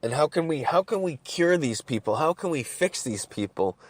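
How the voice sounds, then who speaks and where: A man's voice: on the high side, animated, normal speed, no room sound. Rambling, profane man ranting solo. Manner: rambling, profane, repeats words while thinking; smoking and drinking coffee while talking. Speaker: podcast host. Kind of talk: solo rant.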